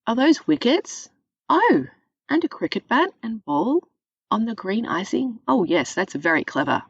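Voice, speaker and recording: A woman's voice: on the high side, big pitch swings, measured pace, creaky, breathy edge, no echo, lo-fi sound, pitched above the performer's own voice, full character voice. Woman playing a jolly middle-aged dad. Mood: delighted.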